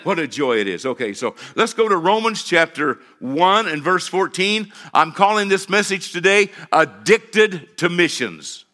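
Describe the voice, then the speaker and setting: Preaching with lively intonation at a moderate pace and with few pauses, a middle-aged pastor speaks in a sharply bright voice that's pitched high for a man. He hammers home his message through repeated phrases and calls for his congregation to respond.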